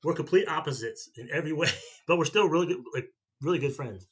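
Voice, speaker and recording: A man's voice: fairly high pitch, fast talker, slightly rough. A man in his fifties chatting casually on his vlog, a rambling storyteller who often repeats and restarts himself. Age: 50s. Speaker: vlogger. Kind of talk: casual chat.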